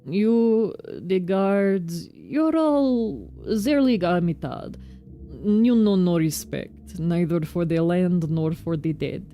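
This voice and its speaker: A woman's voice: lowish voice, expressive, slow, mellow, soft background music. A woman doing a grave giant foreman. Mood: stern. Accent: put-on Russian-style accent. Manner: grave, clipped, commanding. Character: stern towering male foreman, guarded and proud.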